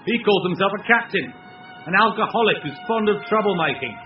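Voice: medium pitch, expressive, fairly quick, voice pushed up, lightly acted. A performer voicing a gossipy bystander who confides matter-of-factly, on dull, distant audio with music. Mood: confiding.

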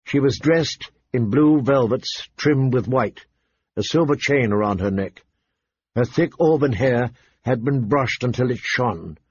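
A man narrating a novel in an even, storytelling delivery, in a dull, faintly noisy recording. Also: mid-range voice, a little slow, slightly rough. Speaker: audiobook narrator. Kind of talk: scripted narration.

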